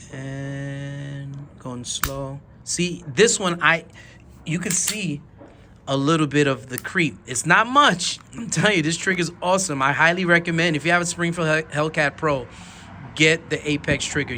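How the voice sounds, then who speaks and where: A man reviewing handguns in a rambling, enthusiastic way, dropping almost to a whisper while he slowly pulls each trigger. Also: mid-range voice, background noise. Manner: drops to a near whisper during slow trigger pulls. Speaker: gun reviewer. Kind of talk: casual product demo.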